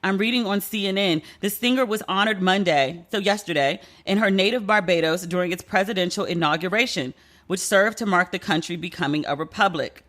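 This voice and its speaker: A woman hosts her podcast alone, talking in a loose, candid way and dropping curse words without a second thought. Her voice sits at an ordinary middle pitch and has a bright, sharp edge. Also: brisk. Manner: candid, chatty, swears freely. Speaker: podcast host. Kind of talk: casual solo podcast chat.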